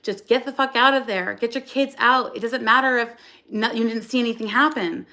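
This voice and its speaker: A woman's voice: fairly high pitch, fairly even intonation, brisk, pushed and bright. A woman hosting a livestream from her phone, talking in a raw, blunt and profane way, with frequent restarts. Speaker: livestream host. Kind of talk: emotional livestream monologue.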